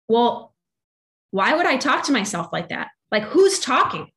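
A woman's voice: medium pitch, normal speed. Rambling chatty woman, faith talk. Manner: rambling, filler-heavy, animated. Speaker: guest, independent musician. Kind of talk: casual faith conversation.

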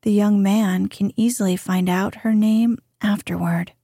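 Slow, husky-voiced woman reading softly. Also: mid-range voice, fairly even intonation, dry recording, clean studio sound. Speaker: reader. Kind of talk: calm bedtime reading of an old book.

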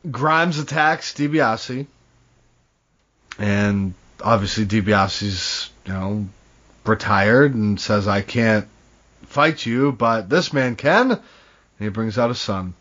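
A man's voice: fairly low pitch, slow pace, a bit bright. A man co-hosting a podcast, casually recapping a wrestling show with profane, laid-back remarks. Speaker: podcast co-host. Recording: dull lo-fi audio.

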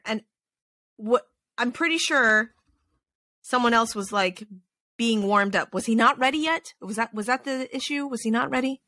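A woman hosting a podcast from her home desk, chatting casually and animatedly, with plenty of swearing and quick asides. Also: fairly high pitch, pushed and bright, no room sound. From Texas. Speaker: podcast host. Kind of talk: casual chat. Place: home desk with snoring dogs.

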